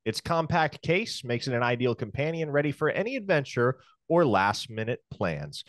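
Casting: man doing a hokey mock-Irish pitchman, lively sing-song lilt, dry close sound. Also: moderate pace, no room sound, natural voice. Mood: hammy. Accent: mock Irish slipping toward Scottish.

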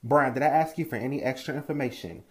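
A man's voice: medium pitch, fast talker, natural voice. A man playing a strict, blunt mother who scolds her sons with profane threats in a comedy skit. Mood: stern.

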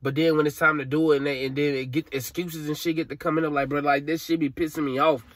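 A man's voice: on the high side, flat delivery, fast talker, no room sound, studio quality. Tearful young man venting. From Alabama, USA. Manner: frustrated, rambling, profane, slangy. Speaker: vlogger. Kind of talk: emotional vent to camera.

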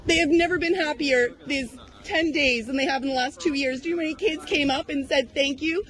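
A woman in her thirties confronting a news crew outdoors at a protest, accusing them with rapid rhetorical questions. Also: high-pitched, a bit bright, poor audio. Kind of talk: heated street confrontation.

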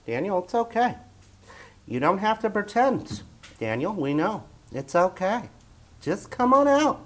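A man voicing his pet as a cheeky, teasing little creature in a high squeaky put-on voice. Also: big pitch swings, measured pace.

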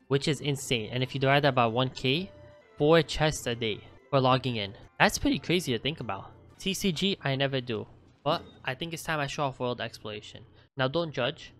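A man's voice: mid-range voice, a bit bright. A young man hosting a gaming channel, casually reading out his game account stats in a chatty, offhand way and swearing now and then.

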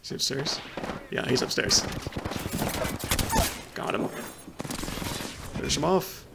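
A man giving excitable, panicky live commentary on his own gameplay, muttering to himself between outbursts. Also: medium pitch, takes it slowly, vocal fry, very noisy. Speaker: gameplay streamer. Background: loud gunfire from the game.

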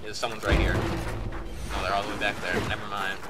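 A man giving live gameplay commentary, excitable and profane, muttering one moment and shouting the next. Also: fairly low pitch, normal speed, very noisy.

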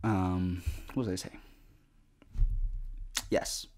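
A young gaming vlogger chats casually over gameplay in a low, steady, darkish voice, drawing out his words. He rambles with lots of fillers and swears at the game.

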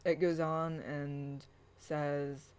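A spiritual channel host speaks in an unhurried, earnest way, at a middling pitch. Their talk drifts between a casual rant and chant-like affirmations read aloud from their own writing. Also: little pitch movement, a little mellow, clear, resonant tone, poor audio.

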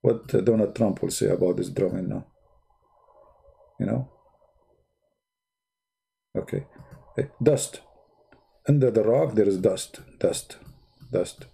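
A man's voice: fairly low pitch, takes it slowly, creaky, long pauses, mellow, husky. A man hosting his own channel, giving sarcastic commentary while he draws, with rambling asides and mocking rhetorical questions. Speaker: channel host.

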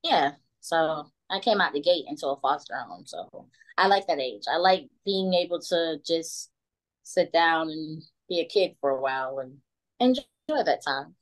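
A young woman chatting as a podcast guest, giggly and animated, often dropping into quoted voices. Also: low voice, normal speed, low-quality recording. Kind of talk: casual chat on a call.

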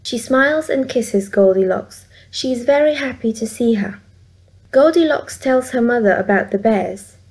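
Brief: Vietnamese-accented mother reading aloud, slightly high voice, clear and slow. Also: lively intonation, a little mellow. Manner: slow, clear, simple sentences. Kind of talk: storybook read-aloud.

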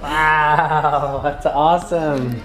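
A man vlogs casually with his family, playful and quick to tease. His talk is relaxed and conversational, like a dad chatting at home. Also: fairly high pitch, reverberant, faint music behind. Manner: playful, teasing. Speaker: family vlogger, father.

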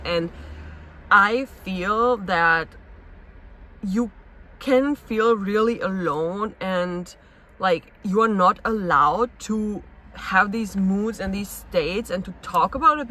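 A woman speaks in a personal confessional vlog, her voice bright and sharp. She sounds restless and searching, piling one question on the next as she talks things through. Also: medium pitch, slight background noise, rough recording. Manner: searching, restless, asks herself many questions. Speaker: actress and vlogger.

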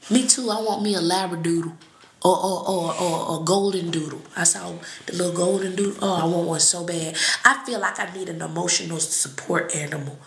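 A woman reading and chatting on a live stream, blunt and profane, with sudden shouts and laughs. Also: on the low side, reverberant, slight background noise. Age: adult with children. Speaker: psychic reader on a live stream. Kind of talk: casual live-stream talk.

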